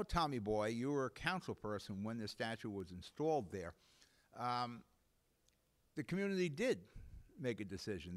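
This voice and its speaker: A New man hosts a live local talk show in a blunt, indignant rant. His pitch swings widely as he works himself up. He curses freely and talks straight at the viewer. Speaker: host.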